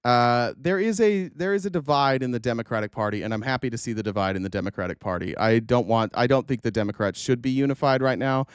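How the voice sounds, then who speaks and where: A man's voice: mid-range voice, quick pace, hardly any pauses, clear, resonant tone, dry recording, clean studio sound. Rambling, profane male political commentator. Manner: rambling, profane, many fillers and restarts.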